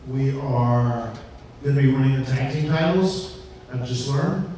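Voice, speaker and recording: A man's voice: mid-range voice, steady tone, unhurried, warm tone, recorded from a distance, a little hiss or hum. Man telling stories in an echoey live room. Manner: rambling anecdote with fillers and laughs. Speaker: podcast host. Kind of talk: live storytelling on stage. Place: live venue with audience.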